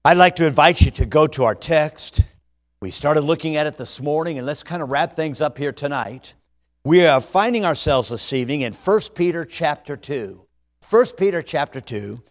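A man preaching a sermon, emphatic and energetic, dropping his voice low when he prays. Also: normal speed. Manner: energetic, emphatic, hushed in prayer. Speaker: pastor. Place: church auditorium. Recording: long hall reverb.

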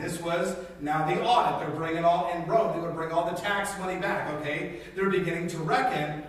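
A man preaching a sermon in a conversational, animated way, telling stories and acting out scenes in different voices. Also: on the high side, normal speed, few pauses. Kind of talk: sermon with storytelling. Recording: very echoey hall, distant mic, faint noise.

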